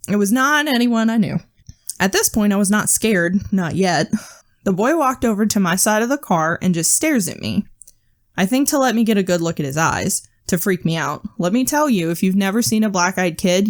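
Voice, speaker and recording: In a casual storytelling chat on her podcast, a co-host shares creepy tales, swearing frequently and laughing nervously. Her mid-range voice is animated, at a normal speed.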